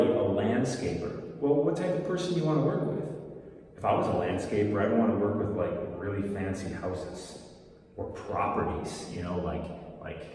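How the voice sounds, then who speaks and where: A fairly low, mellow male voice teaching business in a loose, motivational way, full of energy and playful jabs, hammering his points home by repeating words. He stands back from the mic in a hard, echoey room with a long ring to it. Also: far from the mic. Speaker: business coach.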